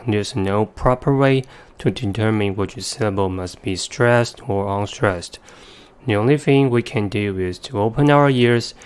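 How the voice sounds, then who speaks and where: Low, smooth-voiced male teacher. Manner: careful, methodical explaining with slow demonstrative word examples. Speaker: English vocabulary teacher. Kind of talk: scripted instructional narration.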